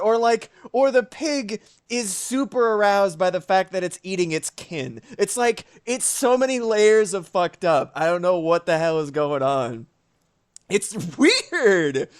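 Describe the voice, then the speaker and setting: A male streamer in casual live chat, his pitch sitting a bit high and swinging widely as he riffs. He talks in quick, animated asides and swears freely. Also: smooth.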